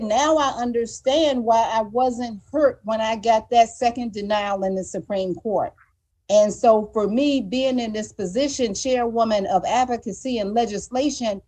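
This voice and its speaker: Mellow-voiced woman telling her story. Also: fairly high pitch. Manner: earnest, emotional, frequent word repeats. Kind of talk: candid live-show conversation.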